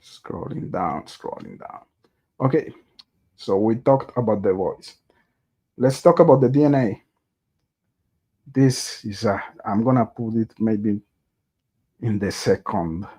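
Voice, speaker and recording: A man hosting a true crime livestream, talking slowly and unhurriedly in a lowish, mellow voice. His speech is hesitant, full of fillers and restarts, as he thinks aloud and chats with viewers. The tone stays casual and conversational throughout. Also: slightly rough. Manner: reads viewer chat aloud and greets viewers.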